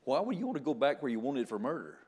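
A man's voice: mid-range voice, big pitch swings, quick pace, darkish tone, breathy edge. An older man giving a sermon as a guest preacher. He jokes in a folksy way and often stammers into restarts.

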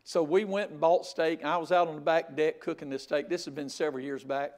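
An older man preaching a sermon, telling a folksy story with loud outbursts. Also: on the high side, fairly even intonation, brisk. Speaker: pastor.

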